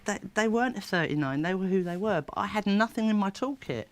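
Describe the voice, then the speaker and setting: Woman, therapist, interview guest, animated storyteller, swooping pitch. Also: quick pace. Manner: lively, animated storyteller who laughs often. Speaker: therapist and child coach.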